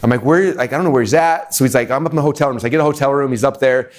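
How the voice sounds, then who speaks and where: A middle-aged man tells a story in a quick, rushed flow to a room full of listeners. He talks in a casual, animated way, full of fillers, and now and then acts out what other people said. His voice sits at an ordinary male pitch. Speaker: webinar speaker. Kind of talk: energetic storytelling talk.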